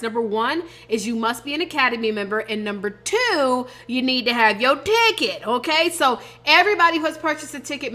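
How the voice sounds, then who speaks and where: A woman host, pumping up her audience about an upcoming conference in an energetic promotional pitch. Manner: hyped, emphatic, addresses audience as y'all.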